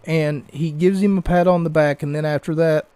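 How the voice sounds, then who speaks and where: A man's voice: fairly high pitch, steady tone, moderate pace, dark tone, clean tone, no room sound. A man hosting a podcast, recapping wrestling in a rambling, casual way with restarts and asides. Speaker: podcast host.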